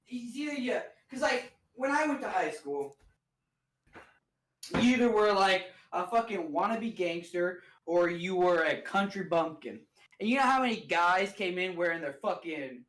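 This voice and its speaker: A man from the Midwest talks in a loose, profane rant, swinging his pitch widely up and down as he laughs and swears. It sounds like casual chat on a home streaming mic. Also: a bit bright. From American Midwest. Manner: profane, ranting, laughs often. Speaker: podcast guest.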